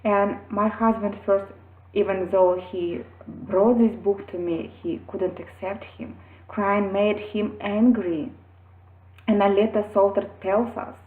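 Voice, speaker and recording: Earnest woman, tinny and echoey. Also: mid-range voice. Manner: halting, with pauses and restarts, gentle and earnest. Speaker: mother sharing parenting experience. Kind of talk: earnest personal talk to camera. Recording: tinny phone-like sound in an echoey room.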